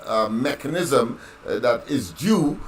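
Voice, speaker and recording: Halting man on an echoey line. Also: medium pitch, expressive. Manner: hesitant, full of ums and uhs. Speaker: radio guest. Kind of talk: phone-in radio talk. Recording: echoey line with faint noise.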